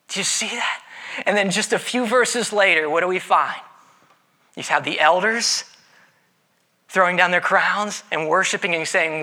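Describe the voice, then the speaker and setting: A man preaching a sermon in a conversational way, with dramatic pauses and playful voiced asides. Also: high-pitched, pushed and bright. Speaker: pastor.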